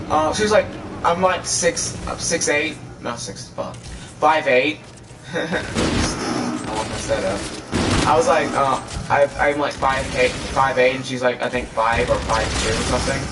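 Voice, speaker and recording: A man's voice: medium pitch, measured pace. A teenage boy vlogging, telling a rambling personal story full of fillers, cursing and restarts. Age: teens. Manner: loose, filler-heavy, cursing, self-interrupting. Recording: distant mic, loud gunfire noise.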